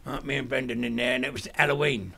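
Older guy, raspy creaky voice but sharp and bright, telling wild stories and cracking up. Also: medium pitch, quick pace, a little hiss or hum. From London, England. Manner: animated, laughs through anecdotes, repeats words. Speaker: guest. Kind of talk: casual storytelling chat.

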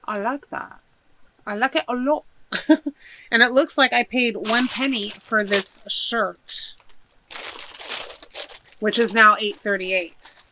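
A woman's voice: a little high, slow, pauses often, pushed and bright, poor audio. A woman chatting casually while unboxing a shopping haul at home, gushing and thinking aloud as she unpacks. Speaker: haul vlogger.

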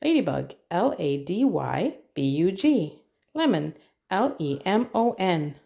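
Slow, gravelly-voiced mother spelling words. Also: lowish voice, sing-song, warm tone. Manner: patient, spells words letter by letter, repeats the child's prompts. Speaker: mother teaching alphabet. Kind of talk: reading a children's alphabet workbook aloud.

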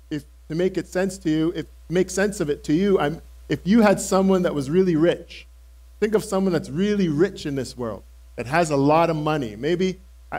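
A pastor playing eager impulsive apostle Simon Peter. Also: male voice, on the high side, a little mellow, natural voice. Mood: earnest. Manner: earnest, emphatic, speaks directly to the congregation. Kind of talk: first-person dramatic sermon monologue. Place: church service held in a cinema auditorium.

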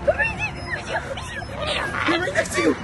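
A man acting scared in an outdoor park for a prank vlog, excitable and swinging between hushed and loud. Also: slow, over music, a crowd in the background. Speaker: vlog co-star.

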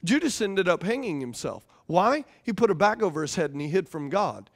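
High-voiced man preaching animatedly. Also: brisk. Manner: conversational, animated preaching with repeated phrases. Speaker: pastor. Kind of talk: sermon.

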